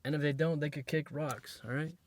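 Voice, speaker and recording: A man's voice: on the high side, steady tone, a little fast. A man giving dating advice in a casual monologue, blunt and emphatic, repeating his points and using street slang.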